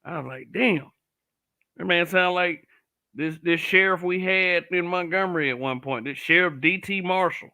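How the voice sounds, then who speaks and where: A man's voice: high-pitched, moderate pace, sharp tone, clean tone. A man giving blunt, profane commentary, often restarting and stammering over his words. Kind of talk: casual commentary to camera.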